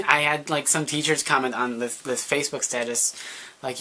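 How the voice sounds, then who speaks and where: A man's voice: a little high, fairly even intonation, moderate pace, bright, forceful tone. A young man telling a personal story to camera in a chatty, casual way, full of fillers and little acted-out quotes. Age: young adult. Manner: chatty, lots of fillers, acts out quoted voices. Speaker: vlogger.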